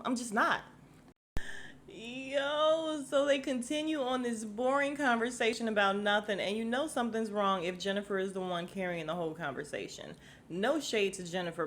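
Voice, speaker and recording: A woman's voice: mid-range voice, a bit bright, slight background noise. A woman hosting a podcast at home, recapping a reality show in a chatty, sassy way and laughing often. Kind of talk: casual chat.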